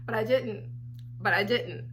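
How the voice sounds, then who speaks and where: A woman telling a personal story on her vlog in a blunt, profane, animated way. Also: mid-range voice, unhurried, a little hiss or hum. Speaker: storytelling vlogger. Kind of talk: casual storytime.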